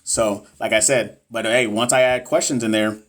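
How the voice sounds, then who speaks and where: A man's voice: lowish voice, steady tone, moderate pace. A man tutoring nursing exam students on a casual livestream, reading viewer comments and chatting loosely with lots of fillers. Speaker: NCLEX tutor and course seller. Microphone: phone or webcam on a livestream.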